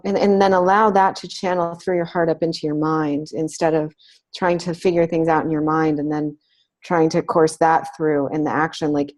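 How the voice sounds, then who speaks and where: Low-voiced woman teaching spirituality. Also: a little mellow. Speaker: host.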